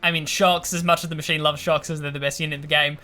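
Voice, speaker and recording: Fast, very bright-voiced male caster. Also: a little high, flat delivery, a little hiss or hum. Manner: rapid, enthusiastic analysis. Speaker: esports co-caster. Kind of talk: game commentary.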